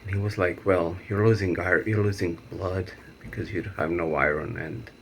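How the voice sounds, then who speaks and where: Very deep, gravelly man vlogging. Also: steady tone, normal speed, a bit bright, a little hiss or hum. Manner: emotional, rambling, laughs nervously. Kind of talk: personal video diary.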